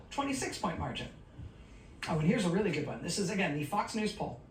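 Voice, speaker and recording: A woman news host runs through poll results with an animated, swinging delivery and sardonic asides. The sound is roomy and a little distant, with a faint rumble underneath. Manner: wry, sardonic asides between rapid-fire questions. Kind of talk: cable news commentary reading poll results.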